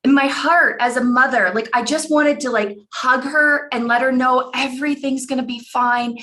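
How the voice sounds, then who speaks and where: A woman's voice: sits high, steady tone, moderate pace, a bit bright. A woman in her forties, a life coach telling a personal story in an earnest way and repeating phrases for emphasis, over a computer mic on an online call.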